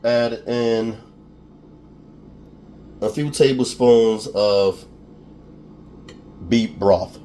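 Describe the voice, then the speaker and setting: A man with a Philadelphia accent walks viewers through a recipe in an easygoing way. His pitch sits in the middle for a man. He chats loosely, pokes fun at his own speech and keeps asking "okay?" as he goes. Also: drawn-out words, pauses often, warm tone, a little hiss or hum. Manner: chatty, laughs at himself, keeps asking "okay?". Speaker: cooking show host. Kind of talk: casual cooking tutorial.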